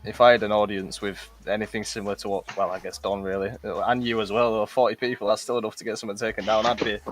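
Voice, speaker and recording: A man's voice: on the low side, little pitch movement, fast talker. A man guest on a trading stream, bantering casually, teasing and swearing, saying bro and mate.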